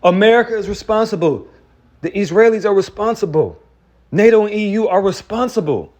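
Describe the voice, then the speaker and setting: A man's voice: high voice, animated, brisk, darkish tone. Angry preaching man, lo-fi sound. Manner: angry, profane, repeats and restarts words. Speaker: street preacher. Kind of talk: heated preaching rant. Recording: dull lo-fi recording.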